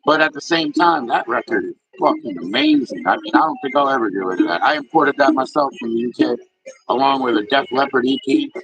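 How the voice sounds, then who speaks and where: A man's voice: mid-range voice, big pitch swings, brisk, vocal fry, fairly bright tone, muffled recording. A man hosting a live stream, chatting casually with viewers in a laid-back, slangy and profane way. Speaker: livestream host. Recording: music playing in the background.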